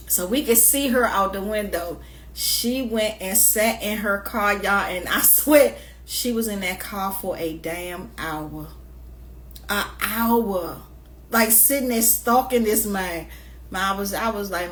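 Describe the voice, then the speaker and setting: A woman vlogging in a casual rant, moving from quiet, hushed asides to loud, laughing storytelling. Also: mid-range voice, a little slow.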